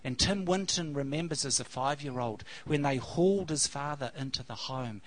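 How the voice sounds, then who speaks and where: Preaching at a moderate pace in a medium-pitched voice, this male pastor wanders through an anecdote packed with fillers before dropping to a hush at the end. The recording is rough.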